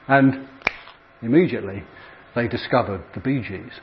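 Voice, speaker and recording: A middle-aged man tells stories from his working life to an audience. He speaks in a chatty, self-deprecating way with plenty of ums and uhs, at an ordinary pitch for a man. The recording sounds slightly dull and lo-fi. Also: animated, moderate pace, slight background noise. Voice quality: chatty, self-deprecating humour with frequent fillers. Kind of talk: anecdotal talk to an audience.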